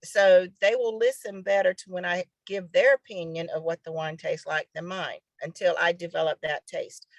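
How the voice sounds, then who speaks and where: A woman's voice: lowish voice, steady tone, normal speed, few pauses, dry recording. A woman giving an informal sales training talk, coaching listeners with frequent fillers.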